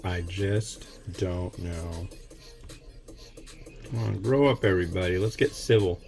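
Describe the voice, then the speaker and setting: A man running an instant noodle review channel cooks and tastes while chatting casually, rambling, opinionated and restarting often. His voice is low, slow and a little mellow, with faint music behind him.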